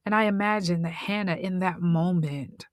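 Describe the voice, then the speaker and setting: A woman's voice: fairly low pitch, moderate pace, no room sound, studio quality. A woman retelling a story in a conversational, slangy way with whispered asides.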